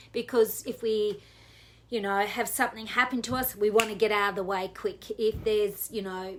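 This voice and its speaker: A woman teaching a guided self-massage for relaxation, talking gently and slowly in a soothing way. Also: medium pitch, slight background noise. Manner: gentle, soothing, slow guidance with soft laughs. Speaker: wellness educator.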